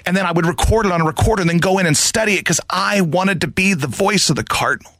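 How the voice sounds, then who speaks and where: A man in his thirties hosting sports talk radio, telling a long story in an animated way with shouted asides. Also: high voice, fast, dry recording. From St. Louis area.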